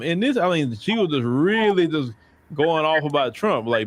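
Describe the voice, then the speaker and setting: A man's voice: fairly high pitch, sing-song, moderate pace. A man, hosting his own stream. He talks emphatically, fires off rhetorical questions and circles back on his points. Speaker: show host. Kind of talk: livestream commentary.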